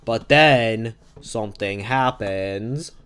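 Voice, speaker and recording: A man's voice: fairly low pitch, slow pace, a bit bright, clean tone. A man hosting a podcast, improvising a silly, rambling comic story and often correcting himself. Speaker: podcast host.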